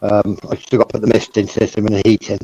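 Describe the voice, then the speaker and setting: A man giving quick, matter-of-fact updates in a casual chat. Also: on the low side, monotone, gravelly, dark tone, husky, muffled recording.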